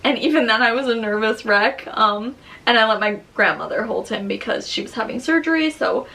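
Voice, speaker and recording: A young mother talks at home in a loose, rambling vlog chat, her words full of fillers. Her voice sits a little high for a woman and carries a gravelly, fry-laced edge. She sounds candid and unpolished. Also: expressive, a little fast, sharp tone. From Long Island, New York. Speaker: vlogger, new mother. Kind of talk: casual chat. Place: at home near her baby's crib.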